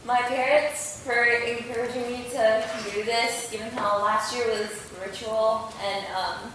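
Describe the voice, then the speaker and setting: A woman giving a halting, affectionate thank-you speech after a play, with many ums. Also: fairly high pitch, steady tone, fairly bright tone, slight background noise. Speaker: cast member giving thanks. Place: theater stage after a show. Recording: echoey hall from far off with audience.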